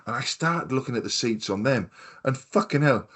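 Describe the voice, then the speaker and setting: A man's voice: medium pitch, expressive, normal speed, crowd noise. A man in his fifties chatting casually on a podcast, telling rambling anecdotes full of swearing and quoted voices. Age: 50s. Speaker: podcast co-host. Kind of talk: casual chat, storytelling.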